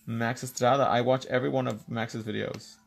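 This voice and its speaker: A man's voice: mid-range voice, little pitch movement, fairly quick, creaky, soft background music. A man hosting a live nail tutorial, explaining each step while bantering playfully with a co-host and viewers and slipping in the odd bit of Spanish.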